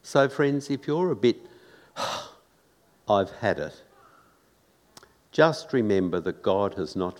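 A man's voice: sits low, darkish tone, in a large hall. A man preaching a sermon in a church, earnest and conversational, full of rhetorical questions.

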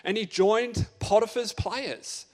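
A man's voice: sits high, slow pace. Playful man telling a story to youth. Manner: playful, asks the audience many questions. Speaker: youth speaker. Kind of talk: lively storytelling sermon to youth.

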